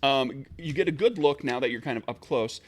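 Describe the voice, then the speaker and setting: A man's voice: medium pitch, a little fast, no echo. A man narrating as game master, explaining rules at length with many fillers and restarts.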